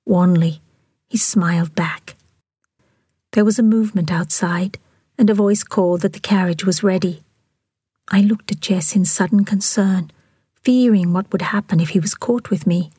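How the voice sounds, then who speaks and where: Breathy whispering woman narrator. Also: mid-range voice, moderate pace, no room sound, studio quality. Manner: soft, even whispered reading. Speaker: author and audiobook reader.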